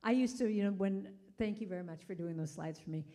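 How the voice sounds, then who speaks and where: A woman giving an inspirational talk at a spiritual service, telling stories in a conversational, animated way. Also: medium pitch, fast talker. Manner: conversational and animated, acting out the people in her stories. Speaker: guest speaker at a spiritual center service.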